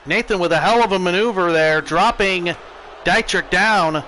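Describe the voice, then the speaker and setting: An American man streaming a wrestling video game, giving excitable play-by-play commentary. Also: sits high, normal speed, slight background noise, rough recording. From United States.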